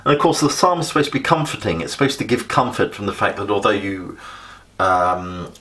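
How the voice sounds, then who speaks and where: A man's voice: on the low side, expressive, a little fast, pushed and bright. A middle-aged man teaching English literature in a conversational revision lesson, with frequent fillers and restarts.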